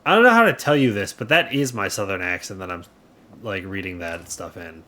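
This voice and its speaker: A man's voice: low-pitched, expressive, fairly quick, sharp tone, slight background noise. Sarcastic male game streamer. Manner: sarcastic, talkative, reads chat aloud. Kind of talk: casual live gameplay commentary.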